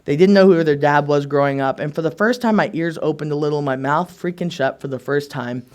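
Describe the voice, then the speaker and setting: A man's voice: on the high side, a little fast, darkish tone. A man in his thirties telling a wry, sarcastic personal recovery story to a meeting and acting out other people's lines.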